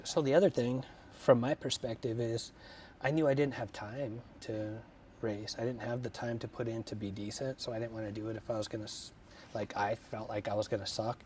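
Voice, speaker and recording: A man hosting a casual podcast at home over drinks, talking about racing in a relaxed, reflective way. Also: mid-range voice, a little fast. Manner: relaxed, reflective, affirms often with "yeah". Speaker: podcast host and racer. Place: his house, over drinks. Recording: slightly distant mic with faint background noise.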